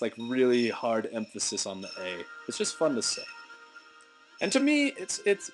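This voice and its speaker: A young man commentating his gameplay in a goofy, rambling, self-mocking way. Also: mid-range voice. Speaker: let's play host. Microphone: desk mic at a computer. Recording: game music underneath. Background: game music.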